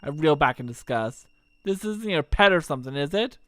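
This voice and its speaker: A man's voice: fairly high pitch, expressive, fairly quick, bright, forceful tone, dry recording, studio quality. A man doing a flustered young male adventurer. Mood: disgusted. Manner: flustered, nervous pleading.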